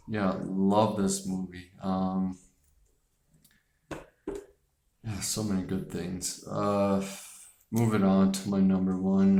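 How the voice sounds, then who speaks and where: A man's voice: sits low, darkish tone. Rambling man in an echoey room. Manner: rambling, frequent fillers and restarts, casual swearing. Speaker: host. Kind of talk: casual movie chat.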